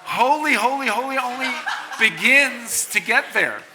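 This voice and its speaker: A middle-aged man preaching a sermon to college students at a conference, animated and playful, swinging from hushed lines to loud ones. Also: a little high, normal speed, a loud crowd, heavy background noise. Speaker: conference speaker. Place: large conference hall.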